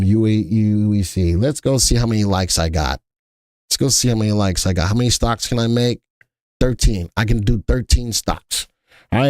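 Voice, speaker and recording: A man's voice: on the low side, darkish tone, no room sound, clean studio sound. A man hosting a live stock market stream, chatting casually and thinking aloud as he works, often repeating himself.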